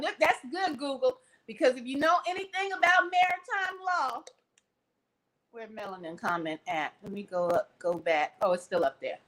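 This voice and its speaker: Woman vlogger, high bright voice, slow and dramatic, preachy livestream rant. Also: lively intonation, low-quality recording. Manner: theatrical, preachy, acts out scenes with props. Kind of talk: animated livestream talk.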